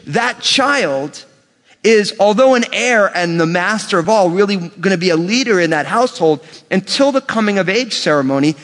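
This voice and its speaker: A man with a notably high speaking voice preaches a sermon to his congregation. He tells stories with lively animation and slows right down when reading scripture. His voice rings out with the long reverb of a large church hall. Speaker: pastor.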